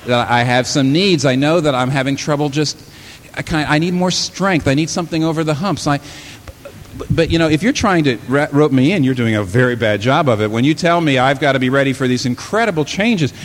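A man preaching a sermon in a church hall, animated and often taking on the voices of the people he quotes. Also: mid-range voice. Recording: long hall reverb, faint room ambience.

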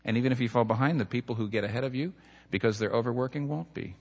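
A man's voice: medium pitch, very fast, a little mellow. A middle-aged man, a pastor, preaching a sermon with earnest storytelling and numbered points. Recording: long hall reverb.

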